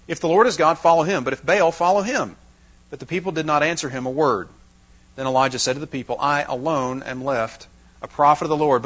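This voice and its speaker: A man's voice: on the high side, a bit bright, low-quality recording. A man preaching a Bible-teaching sermon to a live audience, dramatizing the scripture with wry asides.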